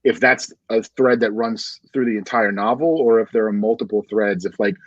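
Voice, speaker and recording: Husky low-voiced male interviewer. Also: no room sound, lo-fi sound. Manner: long-winded, halting, many fillers. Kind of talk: livestreamed bookshop conversation.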